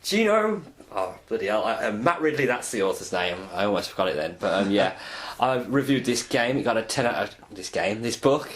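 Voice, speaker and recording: A man of thirty in a casual podcast chat, his pitch swinging widely as he explains a subject, laughing as he goes. He talks at length in an easygoing, lively way. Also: brisk, hardly any pauses. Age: 30s. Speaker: podcast co-host.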